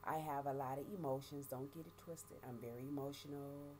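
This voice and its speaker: A middle-aged woman giving a halting, emotional personal testimony, often repeating words and speaking of her faith. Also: very deep voice, steady tone, a little mellow, a little hiss or hum. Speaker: vlogger sharing life after prison.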